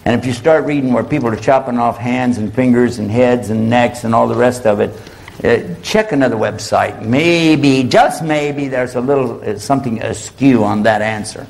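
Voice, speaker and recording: Gravelly-voiced male Islamic lecturer. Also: medium pitch, a little fast. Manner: humorous, animated, leads audience call-and-response. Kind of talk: lecture with audience Q&A. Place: lecture hall with live audience.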